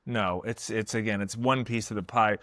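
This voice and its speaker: A man's voice: lowish voice, steady tone, normal speed, a bit bright, no room sound, studio quality. A man hosting a podcast, talking casually and listing points with enthusiasm. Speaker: podcast host. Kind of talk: casual conversation.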